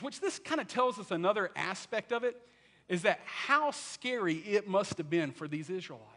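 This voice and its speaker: Bright-voiced preacher. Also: male voice, high voice, moderate pace. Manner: animated storytelling, acting out quotes. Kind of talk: sermon.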